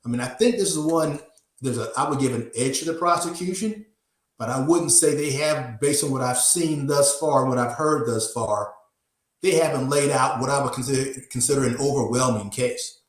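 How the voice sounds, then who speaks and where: Echoey-voiced defense attorney guest. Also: male voice, mid-range voice. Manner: measured, repeats words while thinking. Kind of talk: conversational legal analysis.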